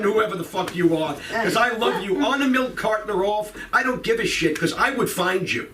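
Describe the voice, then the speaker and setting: A man's voice: high-pitched, normal speed, hardly any pauses. Guy doing crowd work at a comedy club, rambling and swearing, far from the mic, noisy room. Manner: rambling, profane, teasing the audience. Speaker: stand-up comedian.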